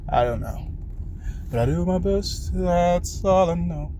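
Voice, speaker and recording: A young man with a fairly high voice talks in an earnest, rambling monologue, swearing now and then as he speaks straight to a loved one. He seems to be sitting in a car, and steady road noise runs clearly under his words. It is a casual vlog recording. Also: a little slow, rough recording. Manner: earnest, emotional, profane, talking to a loved one. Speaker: vlogger. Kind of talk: rambling spoken-word monologue.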